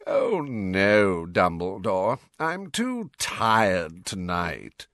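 A man's voice: low-pitched, big pitch swings, extremely slow, a bit bright, no room sound, studio quality, exaggerated voice. A man voicing a bored, theatrical old male wizard in a portrait, drawling in a reedy voice in a storybook reading.

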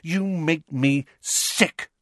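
A man voicing an angry, proud teenage schoolgirl who speaks in sharp, scornful outbursts. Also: a little high, extremely slow, no room sound, clean studio sound, voice pushed up.

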